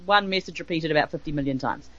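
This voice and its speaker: A woman's voice: low-pitched, quick pace, no room sound, lo-fi sound. A woman chatting as a co-guest on a live show, playful and giggly. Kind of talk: casual banter on a live stream call.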